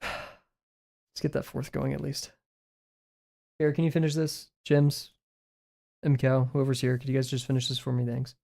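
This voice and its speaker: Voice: medium pitch, level tone, normal speed, gravelly, pauses often, dark tone. A young adult livestreamer chatting casually while drawing, rambling and self-deprecating, muttering asides to themself. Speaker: livestreaming artist.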